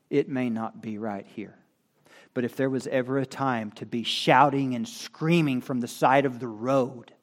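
A man preaching a sermon at an unhurried pace, in a voice of ordinary pitch for a man. He reads scripture slowly, then rises into loud, impassioned cries. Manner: slow, building to loud impassioned cries when quoting scripture. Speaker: pastor.

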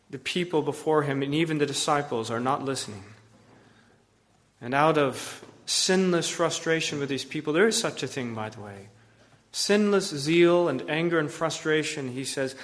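Earnest preacher in a reverberant hall. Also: male voice, expressive, measured pace. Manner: earnest, swings between loud emphasis and hushed low phrases. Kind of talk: sermon.

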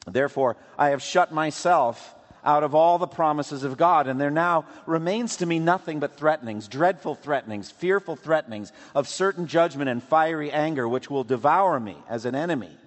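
A man voicing a despairing man shut in an iron cage, who laments slowly in a high voice. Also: lightly acted. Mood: anguished lament. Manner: slow, wailing lament. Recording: long hall reverb.

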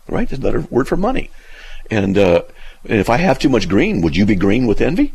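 A man with a low, gravelly and somewhat husky voice hosts a casual talk radio show and works through listener emails. His pitch leaps all over the place as he laughs, fires off rhetorical questions and mimics the people he quotes. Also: brisk. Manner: animated, laughs often, acts out quoted people; argumentative, asks rhetorical questions.

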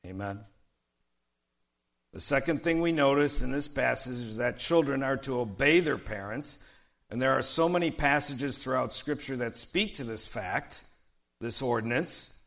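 A man preaching a sermon in an emphatic way, quoting scripture and slowing down to stress key phrases, with calls of "Amen?" to the congregation. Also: medium pitch, a bit bright. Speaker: pastor.

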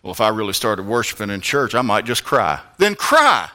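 A man preaching a sermon as pastor, fervent, swinging between shouts and hushed tones. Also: on the low side, a little fast.

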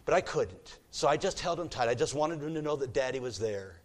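A middle-aged man preaching a sermon, telling a personal story and swinging from hushed, soft passages to loud, forceful exhortation. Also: medium pitch, lively intonation, brisk. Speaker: pastor.

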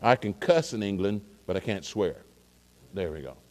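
Rambling preacher in a reverberant hall. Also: male voice, lowish voice, expressive, moderate pace, darkish tone. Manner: rambling, folksy, many fillers and restarts. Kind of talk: casual sermon anecdote.

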